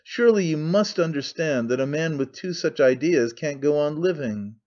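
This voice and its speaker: A gloomy, brooding idealist, read by a man, grave and curt, in an audiobook. His voice sits slightly high over a dull, lo-fi recording. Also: lively intonation, moderate pace, a little mellow, lightly acted. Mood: earnest. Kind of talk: audiobook character reading.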